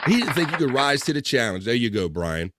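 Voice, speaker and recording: A man's voice: medium pitch, big pitch swings, a little fast, heavy background noise. A man hosting a casual livestream, joking loosely and reading viewer comments aloud. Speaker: livestream host. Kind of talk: casual live chat.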